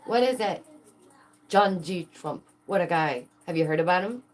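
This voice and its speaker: A woman vlogger chatting to camera, excitable and full of rhetorical questions to her viewers, laughing often. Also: fairly low pitch, moderate pace. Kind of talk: casual chat to camera.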